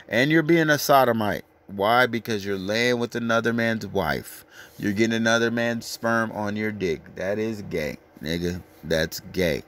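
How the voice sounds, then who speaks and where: A man giving a brash, crude, lecturing scripture rant, reading verses slowly and emphatically. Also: on the low side, fairly bright tone. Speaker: street preacher.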